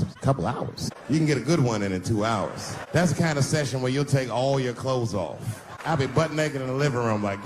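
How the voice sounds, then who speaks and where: A man telling stand-up stories on a theater stage at a middle pitch. His delivery is loose and conversational. He swings suddenly into shouts and acted-out voices, with faint noise behind him. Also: expressive, a little fast, hardly any pauses. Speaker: stand-up comedian. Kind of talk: stand-up comedy set.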